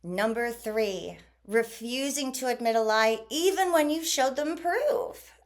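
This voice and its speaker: Woman vlogger, casual talk to camera, high-ish voice with a very lively, swinging pitch. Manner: animated, acts out quoted exchanges.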